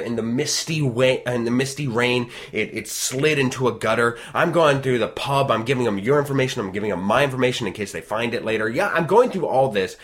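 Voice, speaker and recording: An ordinary mid-range male voice, neither high nor low. He tells his story in loose, animated casual chat, piling up clauses and restarting sentences. He acts out what others said along the way. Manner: animated, rambling, frequent restarts, acts out quoted dialogue.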